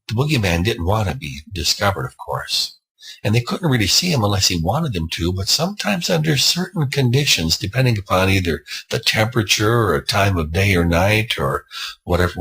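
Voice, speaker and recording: Deep, very husky storytelling man. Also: a bit bright, poor audio. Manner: rambling, conversational, with asides. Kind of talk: improvised spooky storytelling.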